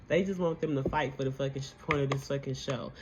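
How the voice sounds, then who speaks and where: A woman's voice: extremely low pitch, steady tone, fast talker, background noise. A young woman hosting a casual reality show recap, blunt and heated, swearing freely.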